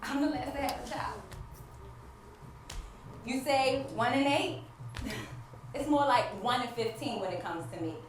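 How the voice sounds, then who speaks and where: An actress playing a grieving wife who longs for a child, delivering an emotional stage monologue that moves between despair and faith. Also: female voice, high-pitched, measured pace, long pauses, far from the mic, noisy background. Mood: heartbroken. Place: theater stage. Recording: echoey stage miked from afar.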